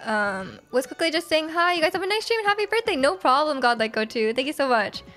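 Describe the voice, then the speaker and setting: A woman's voice: high voice, sing-song, fast talker, a bit bright, soft background music. A woman live-streaming a video game, chatting casually with her chat, giggling often and reading messages aloud.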